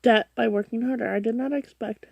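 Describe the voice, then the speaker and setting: A woman reading a forum post aloud, halting and often stumbling, restarting words and correcting herself. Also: on the high side, steady tone, gravelly, a little mellow, no echo, lo-fi sound. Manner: drops to a whisper for her own asides. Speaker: reader of online posts.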